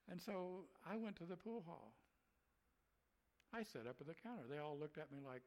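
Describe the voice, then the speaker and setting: A man's voice: fairly high pitch, lively intonation, measured pace, pauses often, low-quality recording. A man, a preacher, telling a story in a folksy way, chuckling and acting out what people said. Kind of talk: telling a personal story in a conversation.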